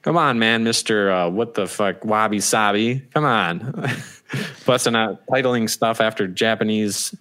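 A man's voice: fairly low pitch, a little slow, pushed and bright. Joking, rambling podcast co-host man. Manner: rambling and joking, swears freely. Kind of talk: casual podcast banter.

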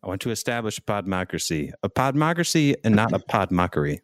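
A man bantering in a comedy podcast debate with mock-grandiose declarations. He talks quickly. The sound is dry and close. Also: on the low side, very animated, no room sound. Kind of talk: casual comedy podcast chat.

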